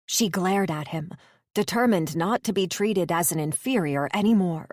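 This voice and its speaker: A woman reading audiobook narration in a measured, even way. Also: on the low side, no echo, clean studio sound.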